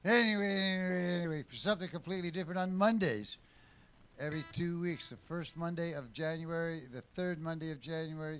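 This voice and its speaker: Chatty man hosting a live show. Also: on the high side. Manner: chatty, rambling, upbeat. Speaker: show host. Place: live music venue.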